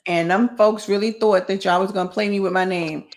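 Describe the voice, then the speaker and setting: A woman's voice: mid-range voice, fairly even intonation, fairly quick. Sassy woman podcast host. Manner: sassy, playful, talks back. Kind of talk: casual interview chat.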